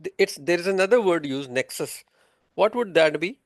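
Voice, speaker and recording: A man's voice: high-pitched, animated, normal speed, no room sound, studio quality. A man teaching a tax course, explaining patiently, quizzing his students, with many filler sounds. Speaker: tax instructor. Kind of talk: interactive online lesson.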